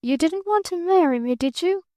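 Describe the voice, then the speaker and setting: A woman's voice: very high voice, animated, moderate pace, warm tone, no room sound, pitched above the performer's own voice. A woman voicing a blunt, plaintive rich young girl in an audiobook reading. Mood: frank, sulky.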